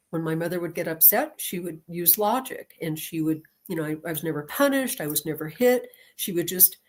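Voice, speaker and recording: A woman who teaches and lectures, talking as an interview guest, telling a personal story in an animated way and laughing often. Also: fairly low pitch.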